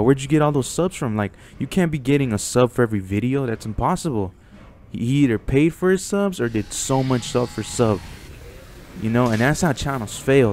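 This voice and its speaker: A man's voice: medium pitch, darkish tone, slight background noise. A young man in a blunt, profane casual rant to his viewers about online channels, getting heated as he talks. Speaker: YouTuber.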